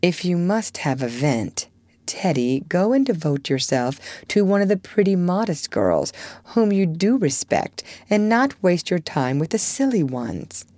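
A woman reading aloud, voicing a spirited, blunt young woman who scolds briskly and comforts softly. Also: fairly low pitch, big pitch swings, no room sound. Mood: brisk teasing.

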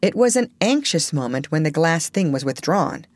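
A woman reading a children's storybook aloud in a gentle, expressive way. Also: low voice, moderate pace, no echo, clean studio sound. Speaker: audiobook narrator.

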